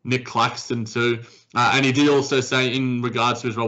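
A man co-hosting a casual basketball podcast rambles through sports chat with frequent restarts and fillers. His mid-range voice has a level tone and brisk pace, sounding pushed and bright, and the recording is lo-fi.

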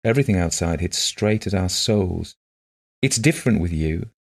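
A man reading the part of a gentle, shy blind woman who talks softly and earnestly in simple phrases. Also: deep voice, animated, moderate pace, vocal fry, exaggerated voice.

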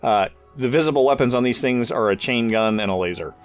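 Casting: a laid-back male game master, mid pitch, faint music underneath. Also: brisk, clean tone. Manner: casual, full of fillers and restarts. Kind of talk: narrating a tabletop game.

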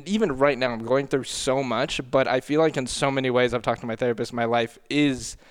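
A man telling a painful personal story on a podcast, halting and earnest, often apologizing. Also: mid-range voice, fairly even intonation, smooth. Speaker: podcast regular.

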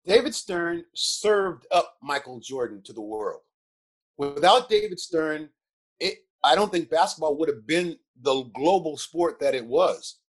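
An older man, a guest in an interview, telling animated anecdotes with chuckles and repeated words. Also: a little high, measured pace. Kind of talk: animated storytelling.

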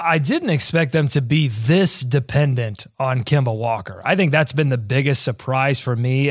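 A man's voice: medium pitch, no echo, clean studio sound. A man with a head cold giving rambling, thoughtful analysis as a co-host on a casual sports podcast. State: has a cold, voice deeper than usual.

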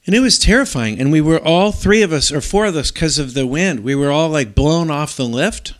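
A middle-aged man telling a long story in casual talk, rambling and animated, with many restarts. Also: fairly high pitch, brisk.

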